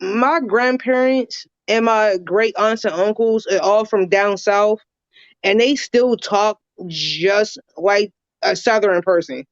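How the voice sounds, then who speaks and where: A woman guest chats on a livestream, rambling a little and laughing easily. Her voice sits at an ordinary pitch, dry and close. The call audio is dull and lo-fi. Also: slow pace, no room sound. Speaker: guest, viewer. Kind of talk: casual livestream chat.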